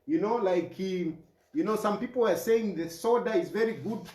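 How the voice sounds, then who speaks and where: A man's voice: high voice, normal speed, darkish tone, roomy sound. A man with a Zambian accent speaking straight to camera as a mayoral candidate, earnest and pleading, repeating his key phrases. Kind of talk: direct-to-camera address.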